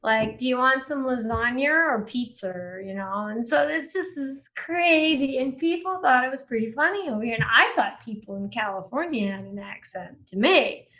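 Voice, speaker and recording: A woman's voice: a little high, expressive, normal speed, few pauses, fairly bright tone, low-quality recording. A woman from Maine with a faint Maine accent, a chatty storyteller telling her story as a podcast guest, often laughing. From Maine, USA. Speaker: interview guest. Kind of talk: casual conversation.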